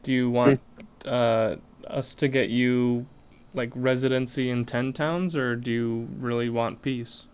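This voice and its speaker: A man playing a tabletop game, joking and quick in character. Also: mid-range voice, steady tone, a little mellow, clean tone. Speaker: player.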